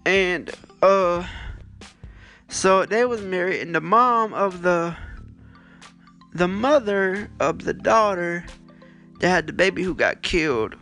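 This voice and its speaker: A man with a gravelly, fry-laden voice chats casually as a podcast host, recapping what he has been reading and watching. His storytelling is animated and rambling, full of swearing and fillers, and he records on a phone. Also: high voice, slow, long pauses, faint music behind. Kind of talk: casual chat, retelling books and shows.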